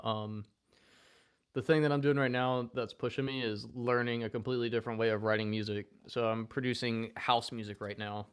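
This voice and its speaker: A man talking casually to camera about guitar and music, rambling and relaxed, full of slang, now and then cooing at his dog. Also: medium pitch, smooth. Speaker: guitarist and vlogger.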